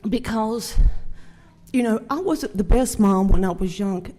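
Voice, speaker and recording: An older woman with a Southern US accent giving a halting, heartfelt Mother's Day talk at a church microphone, near tears. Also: mid-range voice, dark tone. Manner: halting, heartfelt, many fillers. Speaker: church speaker. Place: church sanctuary. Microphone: handheld microphone. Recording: long church hall reverb.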